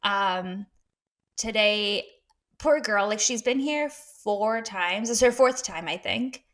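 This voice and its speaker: A woman's voice: mid-range voice, takes it slowly, fairly bright tone. A woman co-hosting a podcast from her dining room at home, chatting casually with many fillers and frequent laughter. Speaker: podcast co-host. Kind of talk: casual chat.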